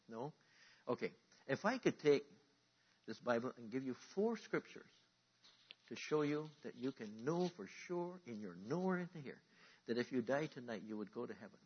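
A man preaches a sermon with a slightly husky voice, asking his listeners to answer him and repeat lines back. His delivery moves between quiet explanation and forceful emphasis. The recording sounds dull and muffled. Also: mid-range voice. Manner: animated preaching, calls for audience responses. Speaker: pastor. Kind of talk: sermon teaching.

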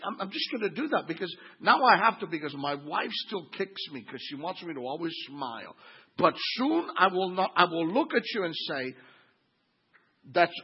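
Man in his fifties, pastor, sermon, husky, animated, quiet asides to loud exclaiming, dull lo-fi recording. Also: sits high, fairly quick. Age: 50s.

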